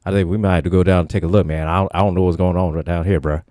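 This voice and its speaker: A man's voice: low-pitched, fairly even intonation, rapid-fire, dark tone, no echo, studio quality, voice pushed down, close to an everyday voice. A man voicing a male alien first officer as a clueless bro who stammers in slang. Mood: baffled.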